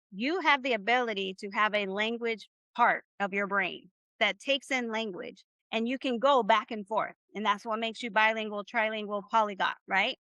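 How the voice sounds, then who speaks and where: A woman's voice: a little high, sharp tone, dry recording. A woman teaching Spanish in a live online class, upbeat and encouraging, often checking in with "right?". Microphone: video call.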